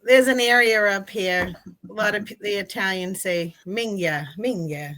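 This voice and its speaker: Chatty New England woman, bright voice. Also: medium pitch, normal speed. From Massachusetts, raised in New Hampshire. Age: middle-aged. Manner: chatty, laughs often, self-mocking. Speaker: guest. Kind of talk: casual chat.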